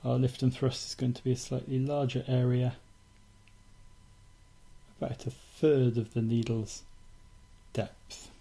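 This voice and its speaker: A man calmly teaching acupuncture technique in a steady, methodical instructional demonstration. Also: medium pitch, measured pace, gravelly, pauses often, breathy edge. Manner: calm, steady, methodical explaining.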